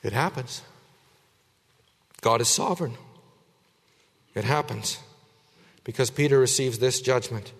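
A man preaching a sermon, emphatic, dropping low and quiet then rising loud. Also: unhurried, pauses often, slightly rough, long reverb tail.

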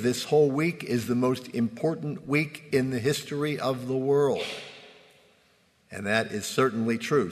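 Slow-preaching man in a reverberant church. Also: medium pitch. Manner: slow, measured preaching with frequent uh fillers. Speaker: pastor. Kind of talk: Good Friday sermon. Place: church sanctuary.

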